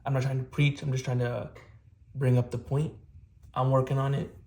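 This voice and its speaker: A man's voice: mid-range voice, little pitch movement, moderate pace, darkish tone. A young man talking casually to camera in a self-improvement vlog, rambling earnestly with many fillers and restarts. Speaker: vlogger.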